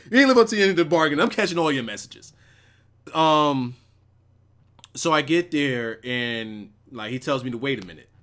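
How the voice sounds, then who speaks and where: Lively, rambling, profane male streamer. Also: a little high, moderate pace, pauses often. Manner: rambling, profane and animated, with chat asides. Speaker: wrestling show reviewer hosting a live stream. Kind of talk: casual live-stream storytelling.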